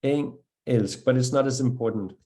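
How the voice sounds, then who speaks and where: A man with a Danish accent gives a patient one-on-one pronunciation lesson, modelling sounds slowly and praising the learner's attempts. His voice is mellow and dark, sitting at an ordinary middle pitch. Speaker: language teacher.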